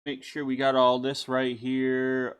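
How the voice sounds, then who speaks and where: A man's voice: mid-range voice, completely flat delivery, takes it slowly, clear, resonant tone. A man hosting a let's-play video, talking casually and rambling with lots of fillers and restarts as he sets up a game. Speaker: gaming channel host.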